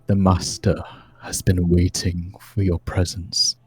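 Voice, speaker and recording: A man's voice: low-pitched, completely flat delivery, slow pace. A man voicing a shadowy servant creature in a tabletop game, speaking in a stiff, formal way. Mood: stern.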